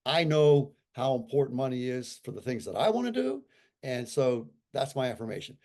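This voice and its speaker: A man in his sixties, a guest on an interview, who talks in an animated and emphatic way and repeats his points for effect. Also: medium pitch, normal speed. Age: 60s. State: recovering from a stroke. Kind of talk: casual conversational talk.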